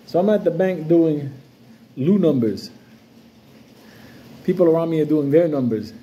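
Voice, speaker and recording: A man's voice: on the high side, measured pace, dark tone, muffled recording. Profane swaggering New man ranting. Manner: profane, loose, swaggering, jumps between stories. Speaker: crypto vlogger. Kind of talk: casual unscripted rant to camera.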